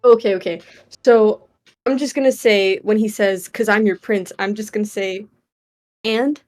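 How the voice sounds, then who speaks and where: A woman's voice: medium pitch, steady tone, moderate pace, darkish tone, soft background music. A woman playing in a tabletop game, talking playfully and hesitantly, often laughing. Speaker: player.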